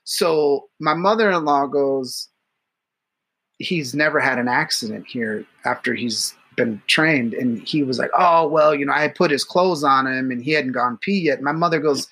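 A man's voice: mid-range voice, unhurried, bright, forceful tone. A man co-hosting a casual podcast, telling profane stories and laughing often. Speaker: podcast co-host. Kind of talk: casual crude podcast banter.

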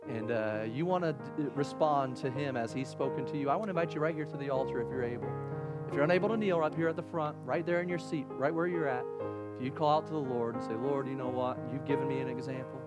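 A male pastor delivering a sermon and altar call, rising to loud, high preaching peaks, then dropping to a soft, gentle invitation. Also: fast, over loud music. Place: church auditorium.

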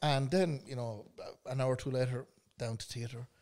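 A man's voice: mid-range voice, fairly even intonation, moderate pace, a little mellow. An Irish man co-hosting a podcast, telling a long story full of swearing and laughing through it. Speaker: podcast co-host. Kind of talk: casual pub-style banter.

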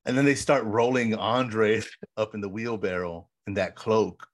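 A man co-hosting a casual podcast, excitedly retelling film scenes with lots of fillers and acted-out quotes. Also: fairly low pitch, a little slow. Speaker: podcast co-host. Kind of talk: casual film rewatch chat.

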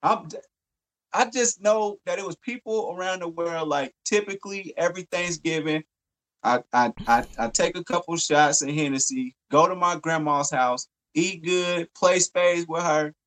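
A man's voice: on the high side, moderate pace, fairly bright tone, rough recording. A man co-hosting a podcast in casual chat, laid-back, repeating his words and tagging lines with "man". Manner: laid-back, repeats words, trailing "man" and "you know what I'm saying". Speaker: podcast co-host.

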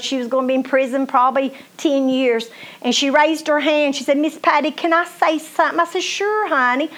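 A woman's voice: high-pitched, fairly bright tone. A middle-aged woman minister, preaching a folksy testimony sermon, emphatic and speaking straight to her listeners.

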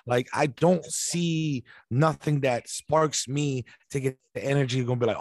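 A man's voice: a little high, normal speed, few pauses, a little mellow, dry recording. A man in a casual podcast chat, ranting bluntly with lots of swearing. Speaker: podcast co-host.

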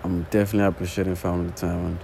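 A man's voice: low-pitched, flat delivery, very fast, vocal fry, warm tone, faint music behind, poor audio. A man in his early twenties with an accent, rambling casually and swearing in an unscripted solo talk while sitting on the floor. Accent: non-native English accent. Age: early 20s. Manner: rambling, casual, swears often, repeats false starts. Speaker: podcast host.

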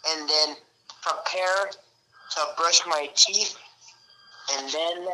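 Male radio host, rambling banter, very bright tone. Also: on the high side, steady tone, extremely slow, a little hiss or hum, rough recording. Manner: joking, rambling. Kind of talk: casual on-air banter.

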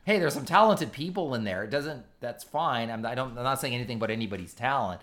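A man's voice: medium pitch, lively intonation, fast talker, fairly bright tone. Opinionated man ranting casually. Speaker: podcast co-host. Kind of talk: casual chat.

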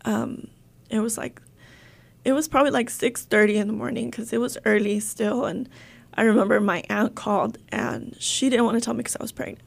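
A young woman telling a painful personal story in an interview, halting and emotional, with many fillers and restarts. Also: a little high, fairly even intonation, creaky.

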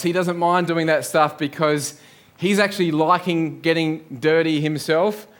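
A man's voice: a little high, fairly bright tone. A man preaching a sermon in a church, earnest, building up lists and rhetorical questions. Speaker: pastor.

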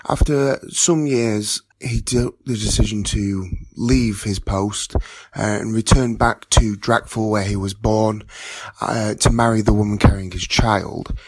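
Low-voiced man, measured and formal, dry sound. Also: steady tone, a little mellow, no room sound. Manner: measured, formal wording, occasional uhs. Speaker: player introducing his character. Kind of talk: read-out podcast introduction.

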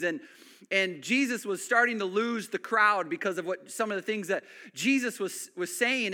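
A man preaching a sermon, animated, then dropping to hushed emphasis. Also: high voice. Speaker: pastor.

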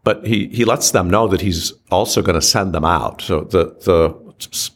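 In a thoughtful teaching exchange, a deep-voiced man speaks as an archbishop. He keeps a slow, measured pace, frequently stopping and beginning his sentences again.

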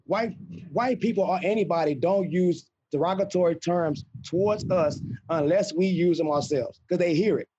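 A man's voice: high voice, moderate pace, warm tone, a little hiss or hum. A man hosting a podcast, talking emphatically and with plenty of profanity in casual chat. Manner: emphatic, profane, argues his point. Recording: muffled lo-fi recording.

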